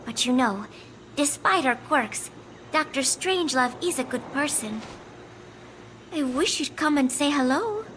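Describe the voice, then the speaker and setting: Casting note: a gentle, kind young game heroine with a high, lively voice, unhurried and soft-spoken, faint noise behind. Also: female voice, low-quality recording. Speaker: game character. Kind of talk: video game voice acting.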